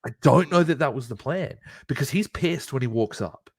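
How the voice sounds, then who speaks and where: A man co-hosting a podcast, retelling a wrestling show in excited, profane casual chat. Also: medium pitch, moderate pace, dry recording, clean studio sound. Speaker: podcast co-host.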